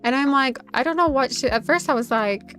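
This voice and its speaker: A woman's voice: high-pitched, brisk, a bit bright. A woman streaming a game, telling a personal story in a rambling, chatty way with plenty of "like" fillers. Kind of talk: casual chat while streaming a game. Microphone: desk USB microphone. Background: faint background music.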